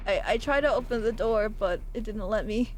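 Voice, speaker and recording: A woman's voice: medium pitch, moderate pace, slight background noise, low-quality recording. A young adult woman streamer chatting casually and jokily while gaming, rambling from one thought to the next. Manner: animated, jokey and rambling.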